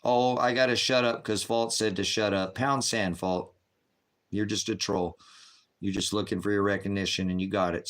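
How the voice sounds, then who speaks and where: A man in his fifties hosting a live chat, bluntly firing back at trolls with repeated retorts. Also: sits low. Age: 50s. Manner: combative, answering trolls in chat. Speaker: livestream host.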